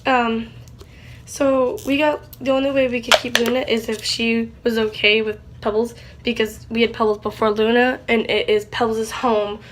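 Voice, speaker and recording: A young woman, likely a teen, talking in a casual vlog, rambling and halting with many fillers, tearful with a stuffy nose. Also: on the high side, level tone, slight background noise. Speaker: channel host.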